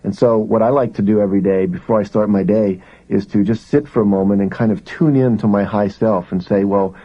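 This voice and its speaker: In this live motivational seminar, a man with a lowish voice talks briskly to a roomful of people, chatting with them and asking questions. The audio has its highs cut off.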